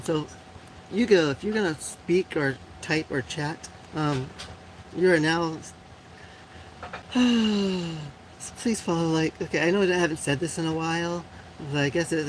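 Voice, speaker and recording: Poor audio with slight background noise carries this woman's low voice. She's a live show host from Puerto Rico, in her forties, casually talking with her audience, replying to comments bluntly, filling gaps with fillers, and laughing often.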